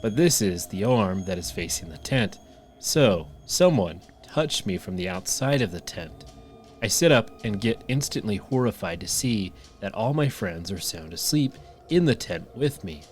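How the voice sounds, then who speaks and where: A man's voice: lowish voice, lively intonation, moderate pace, a little hiss or hum. A man co-hosting a podcast, reading stories aloud and joking and laughing between lines. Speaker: podcast co-host.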